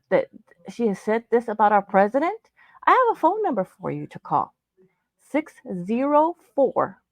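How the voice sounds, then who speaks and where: A woman's voice: mid-range voice, dry recording. A woman co-hosting a podcast, delivering an indignant, emphatic rant and swearing freely. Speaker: podcast co-host. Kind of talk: angry on-air rant.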